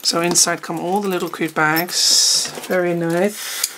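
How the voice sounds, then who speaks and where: A woman's voice: on the low side, steady tone, a little slow, fairly bright tone. A woman chatting casually while unboxing art supplies, rambling and often trailing off mid-sentence. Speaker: art teacher. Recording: noticeable background noise.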